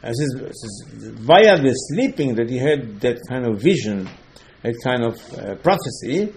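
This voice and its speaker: A man's voice: mid-range voice, sing-song, normal speed. Emphatic man preaching a religious lesson. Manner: emphatic, repeats key points, swings between loud and soft; non-native English phrasing. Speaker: rabbi giving a Torah lesson. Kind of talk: religious lecture.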